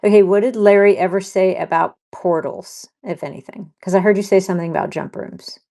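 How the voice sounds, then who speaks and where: A woman's voice: mid-range voice, brisk, dark tone. A woman interviewing a guest on an audio chat, polite and curious, with hesitant restarts. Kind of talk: casual chat questions.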